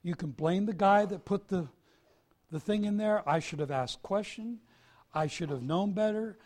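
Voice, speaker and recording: A male preacher giving a sermon, swinging from soft confession to loud emphasis. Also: high voice, normal speed.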